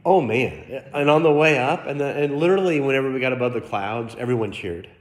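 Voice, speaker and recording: Pastor telling a story in an echoey church. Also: male voice, mid-range voice, lively intonation, brisk. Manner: storytelling with acted quotes and questions to the congregation. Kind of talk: sermon. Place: church sanctuary.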